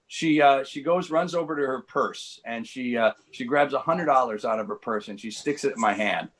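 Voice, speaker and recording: A man in his sixties telling comic stories over a video call, rambling and halting with lots of fillers and dry, self-mocking punchlines. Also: medium pitch, a bit bright. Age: 60s. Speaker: comedian guest. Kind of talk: stand-up storytelling.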